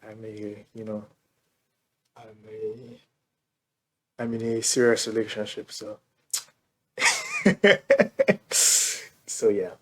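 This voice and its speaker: A man's voice: lowish voice, monotone, slow, long pauses. A man hosting a reaction video, giving laid-back casual commentary and chuckling between remarks.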